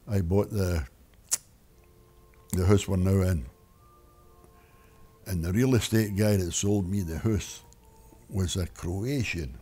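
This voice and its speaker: A man's voice: fairly low pitch, mellow, husky. An older retired man rambling through a personal story, wry and full of restarts. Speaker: interviewee.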